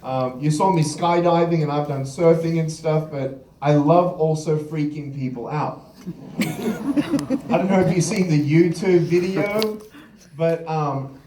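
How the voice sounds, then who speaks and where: A man's voice: a little high, animated, slow, background noise. A man giving a live motivational keynote, telling humorous stories and acting out the quotes. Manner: humorous storyteller, acts out quotes with laughter. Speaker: motivational speaker. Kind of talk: live keynote speech with anecdotes. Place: large event hall. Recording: echoey hall, voice from far off.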